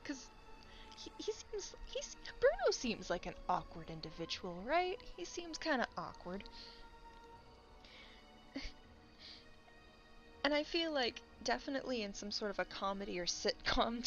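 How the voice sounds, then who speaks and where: A woman's voice: medium pitch, a bit bright. A woman chatting casually while she draws, rambling and laughing often as she talks. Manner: rambling, laughs often, acts out quick voices. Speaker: content creator. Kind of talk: casual chat while drawing. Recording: dull lo-fi mic with faint background music.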